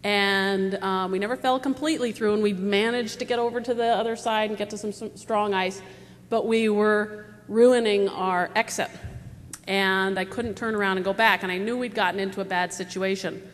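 A woman's voice: mid-range voice, steady tone, normal speed. Woman in her 40s rambling thru a story on a panel, lots of ums, big echoey hall, bit of hiss. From United States. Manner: rambling, conversational storytelling with fillers. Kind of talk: live panel talk. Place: large auditorium stage. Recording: long hall reverb, faint noise.

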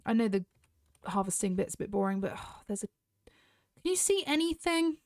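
British woman gamer, casual chatty commentary, close dry sound, mid-pitched. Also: big pitch swings, normal speed, no echo. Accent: British English. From Britain. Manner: chatty, talks straight to viewers. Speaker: gaming YouTuber.

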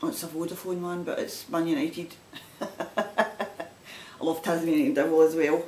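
A woman's voice: sits low, flat delivery, a little slow, darkish tone. A woman with a Scottish accent chatting casually to camera as a knitting vlogger, rambling and laughing often. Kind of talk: casual chat showing items to camera. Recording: roomy sound from a distant mic with faint background noise.

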